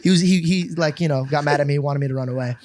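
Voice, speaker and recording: Young man, comedian guest, high voice, lively slangy storytelling. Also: quick pace. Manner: animated, laughing storyteller with slang. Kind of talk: casual storytelling.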